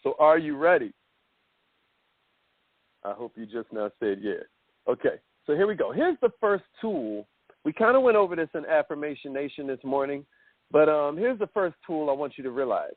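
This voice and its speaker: Animated man coaching over a tinny phone line. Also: on the high side, moderate pace, no room sound. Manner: animated, addresses listeners as millionaires. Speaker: self-development coach. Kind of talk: motivational call training. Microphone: phone call.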